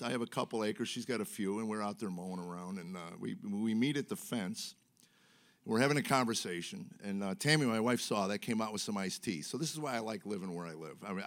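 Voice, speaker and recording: On a comedy stage before a live audience, a middle-aged stand-up comic rambles through self-mocking stories packed with fillers. His voice sits on the low side with a fairly bright tone.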